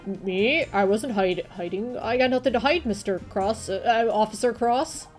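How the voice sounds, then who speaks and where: Brief: woman playing a boastful lunk of a bodybuilder, soft music behind. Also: a little high, normal speed, close to an everyday voice. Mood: eager. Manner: loud, eager, stammering. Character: dim, boastful bodybuilder handyman.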